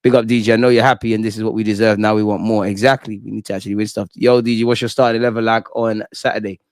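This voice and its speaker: A man's voice: on the low side, very fast, dry recording. Brief: young male host, fired-up live reaction rant, slang and swearing, dry close sound. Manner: excitable, slangy, swears, reads chat aloud. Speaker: football fan channel host. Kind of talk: live post-match reaction stream.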